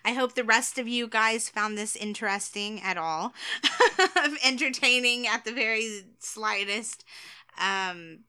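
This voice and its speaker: A woman's voice: on the high side, slow, bright, forceful tone, smooth. A woman from the United States co-hosting a podcast in casual chat, laughing often and trailing off mid-sentence. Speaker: podcast co-host.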